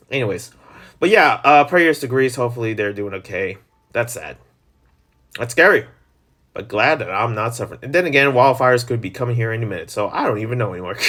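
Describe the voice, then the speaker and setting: Rambling, jokey male channel host. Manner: rambling, jokey, animated pitch swings. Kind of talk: casual solo gaming chat.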